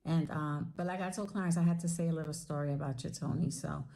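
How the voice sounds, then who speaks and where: A middle-aged woman recording a casual video message for a friend, chatty and animated, telling a playful teasing story. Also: low voice, fast talker, gravelly, poor audio. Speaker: retired sailor, friend giving a video tribute.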